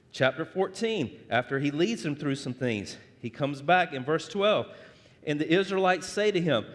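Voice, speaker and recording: Man preaching in a church sanctuary, high and animated, conversational delivery with a long hall reverb. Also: normal speed. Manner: conversational, animated, joking with the congregation. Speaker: pastor. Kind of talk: sermon.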